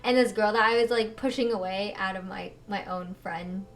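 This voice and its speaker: A woman's voice: medium pitch, moderate pace, far from the mic. Woman co-host telling stories in casual chat. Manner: animated storytelling, heavy use of "like" and swearing. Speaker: podcast co-host.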